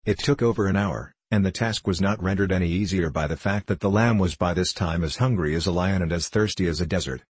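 A man narrating a children's storybook as an audiobook, in a steady reading manner. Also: low voice, brisk, few pauses, breathy edge, dry recording.

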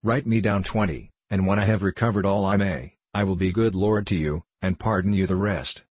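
A man's voice: low voice, fairly even intonation, moderate pace, darkish tone, husky, dry recording. A man reading the part of a scheming, merry medieval knight who speaks in a cool, mocking, lordly manner.

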